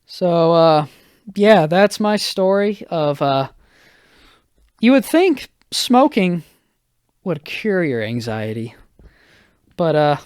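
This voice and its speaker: A young man hosts his podcast alone and recounts a rough few days at an unhurried pace. His voice is smooth and clear, recorded dry and close to the mic. He stumbles through fillers and restarts and pokes fun at himself. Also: fairly high pitch, very animated, a little mellow, no echo. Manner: halting, filler-heavy, self-deprecating. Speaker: podcast host. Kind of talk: casual solo storytelling.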